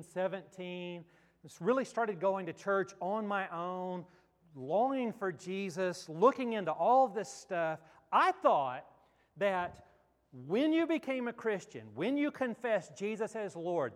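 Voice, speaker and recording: A man pastor giving a sermon, telling a story in a conversational, reflective way. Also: high voice. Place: church sanctuary. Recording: long church hall reverb.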